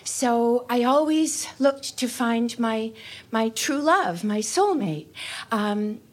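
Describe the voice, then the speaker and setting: A middle-aged woman telling a personal story in a measured, slightly hesitant way, with frequent ums. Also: a little high, animated.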